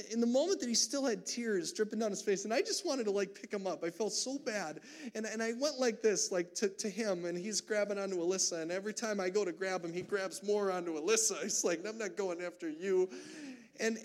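A man in his thirties preaching a sermon in church, telling a family story earnestly with frequent restarts. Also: sits high. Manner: earnest storytelling with many restarts, growing emotional. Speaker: pastor. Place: church sanctuary.

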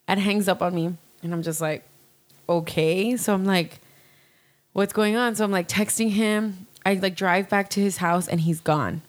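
A woman's voice: medium pitch, steady tone, normal speed. Young woman telling a candid story. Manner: candid, rambling, fillers and swearing. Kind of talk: casual chat.

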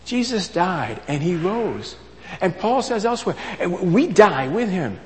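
A man preaching a sermon, emphatic, repeating his key phrases and swinging between loud and soft. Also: sits high, very animated, unhurried, a little hiss or hum. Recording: long reverb of a large hall.

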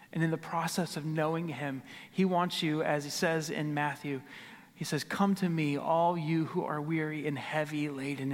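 A middle-aged man preaching a sermon as pastor, earnest, repeating key phrases and dropping to a hush for emphasis. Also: fairly high pitch. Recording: long hall reverb.

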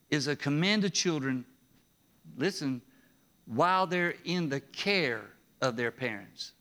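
Animated conversational preacher, bright tone. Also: male voice, medium pitch. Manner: conversational, animated preaching with rising emphasis and chuckles. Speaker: pastor. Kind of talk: sermon.

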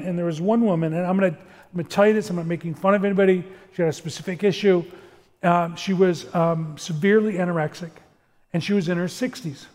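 A middle-aged man preaching in an earnest, animated way, acting out quoted dialogue as he tells stories. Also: high voice. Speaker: pastor. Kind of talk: sermon-style talk with storytelling. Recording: long reverb of a large room.

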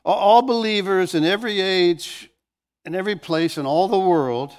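A man's voice: high-pitched, normal speed, smooth. A man pastor preaching a sermon, telling stories with animation and often restarting phrases.

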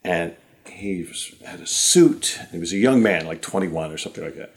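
A man in his fifties from Ohio, a magician guest telling lively anecdotes in casual conversation. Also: low voice, moderate pace. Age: 50s. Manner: animated anecdotes, mimics people he quotes. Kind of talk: casual storytelling.

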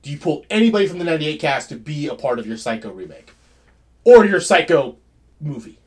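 A man co-hosting a casual movie discussion, animated and halting with frequent restarts. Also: a little high.

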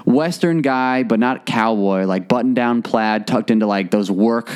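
A man's voice: mid-range voice, a little slow, a little mellow, clear, resonant tone. A man casually telling a long funny story on a podcast, acting out the voices of the people in it.

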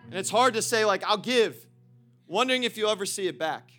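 A young man preaching a sermon to his congregation, lively and direct, swinging from loud calls to quiet storytelling and laughing often. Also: high-pitched, a little fast, faint music behind. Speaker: pastor.

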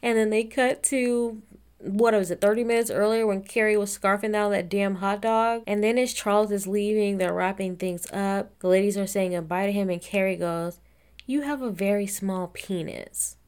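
A woman's voice: medium pitch, level tone, moderate pace, darkish tone, clean tone. Blunt, sarcastic woman recapping TV. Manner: blunt, sarcastic, profane, laughs often. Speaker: reality TV recap host. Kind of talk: casual episode recap.

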